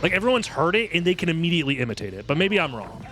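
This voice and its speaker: A young male streamer chats casually while playing a game, rambling, joking and mocking himself, with the odd swear word. His voice sits high and swings lively up and down. Faint music runs underneath. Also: very fast. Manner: rambling, joking, self-deprecating, swears freely. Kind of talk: casual commentary while gaming.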